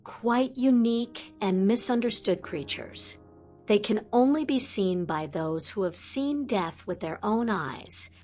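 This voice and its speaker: A woman voicing a wise, calm old male headmaster in a fan audiobook, speaking in a measured, formal way. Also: mid-range voice, lightly acted.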